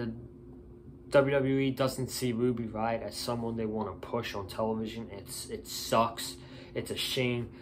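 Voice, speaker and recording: A man's voice: medium pitch, a little hiss or hum. A tired man giving a casual, opinionated wrestling show review, blunt and ranting.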